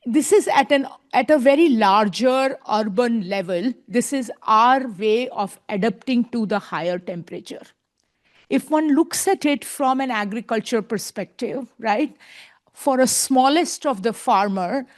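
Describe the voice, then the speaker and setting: A woman speaking as a panelist at a conference, earnest and emphatic, often adding tag questions. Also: a little high. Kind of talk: panel discussion remarks.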